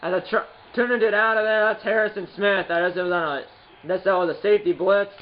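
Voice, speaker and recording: A man giving rambling play-by-play commentary on his own video game, correcting himself often and bursting into excited calls. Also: sits high, a little fast, highs cut off. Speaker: gaming channel host. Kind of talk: play-by-play commentary while playing.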